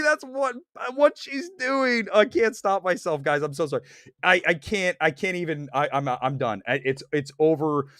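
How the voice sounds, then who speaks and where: Man, from Ohio, high voice, outspoken and jokey, movie stream host, dry close sound. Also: dry recording. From Ohio, United States. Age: adult. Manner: loud, outspoken and jokey, slips into mocking voices. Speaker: host of a live movie talk show. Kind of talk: casual live-stream rant.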